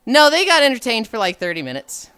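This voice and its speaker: A man's voice: extremely high pitch, huge pitch swings, quick pace, sharp tone, smooth. A man streaming while walking, chatting casually, rambling with frequent sighs and casual swearing. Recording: faint music behind.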